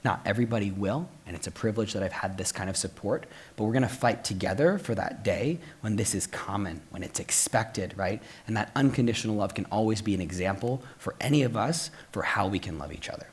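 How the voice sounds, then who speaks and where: A young man telling a personal story at a live book talk, lively with playful asides and frequent "um" fillers, turning soft and earnest at the close. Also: lowish voice, fairly quick, hardly any pauses. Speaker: author and speaker. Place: stage at a live public talk.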